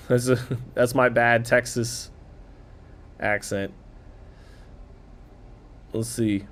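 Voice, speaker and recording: A man's voice: a little high, fairly bright tone, smooth. A man hosting a live boxing watch-party stream, chatting casually, reading viewer comments aloud and calling the fight punch by punch. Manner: quick play-by-play calling of punches.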